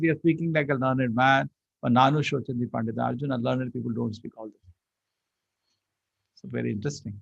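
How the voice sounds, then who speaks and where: Gravelly man teaching scripture. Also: mid-range voice, quick pace, a bit bright, dull audio. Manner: chants Sanskrit verses and explains them line by line. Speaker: Bhagavad Gita teacher. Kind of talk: scripture class lecture.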